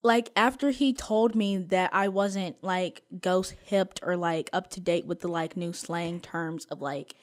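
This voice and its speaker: A woman's voice: fairly low pitch, measured pace, hardly any pauses. A young woman co-hosting a student radio show, teasing and wry, with lots of "like" in her casual chat. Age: young adult. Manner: teasing, wry, filler-heavy. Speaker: co-host.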